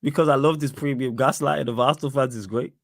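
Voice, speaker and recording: A man's voice: medium pitch, fairly even intonation, quick pace, gravelly, no room sound, studio quality. A man co-hosting a football talk stream, pushing back with questions and asking the chat for facts. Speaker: co-host of a football talk show. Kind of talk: casual debate on a livestream.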